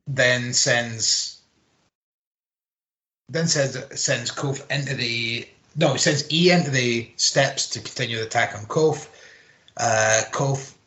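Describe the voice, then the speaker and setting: Bright-voiced man recapping casually. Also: mid-range voice. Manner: rambling, sweary play-by-play with filler words. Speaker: podcast co-host. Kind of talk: casual wrestling recap chat.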